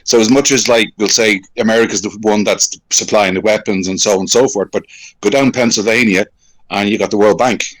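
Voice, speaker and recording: Lower-voiced man from Ireland calling in. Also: fairly even intonation, low-quality recording. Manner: halting, repeats words while building an argument. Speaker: caller. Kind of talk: phoned-in casual chat.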